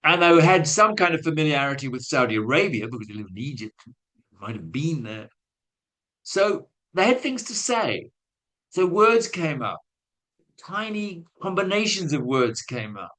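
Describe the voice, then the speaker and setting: A man's voice: fairly high pitch, very animated, normal speed, fairly bright tone, low-quality recording. Guy telling a classroom story on a webinar, chatty and self-mocking, acts out what people said. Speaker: guest speaker on language teaching. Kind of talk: anecdotal webinar talk.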